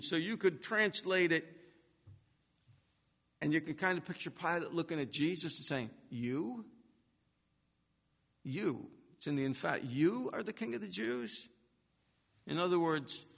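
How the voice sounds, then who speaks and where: A man preaches an expository sermon in a bright, forceful, fairly high voice. He speaks emphatically and builds to hard-driving peaks. His words ring out with a long reverb, as in a large hall.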